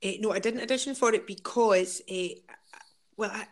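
A woman's voice: mid-range voice, normal speed. A middle-aged woman with a Scottish accent, an actress sharing anecdotes in a casual interview, laughing often as she tells stories.

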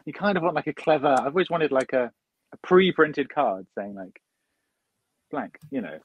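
A husky male voice, recorded dry and close, chats as a podcast guest. He tells anecdotes with dry humor, now and then acting out what other people said. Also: mid-range voice, big pitch swings, normal speed, dry recording, highs cut off. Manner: storytelling, dry humor, acts out quoted lines. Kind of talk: casual chat.

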